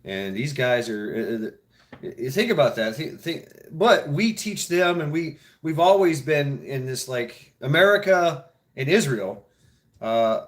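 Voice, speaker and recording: A man hosting a casual talk show, rambling with many restarts, swearing freely, laughing often. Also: medium pitch. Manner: mimics others in mock voices. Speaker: show host. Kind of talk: casual chat.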